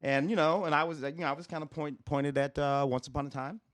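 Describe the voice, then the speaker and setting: A man's voice: fairly high pitch, fairly even intonation, fast talker. A man co-hosting a casual film podcast, self-mocking and rambling with restarts. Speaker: podcast co-host.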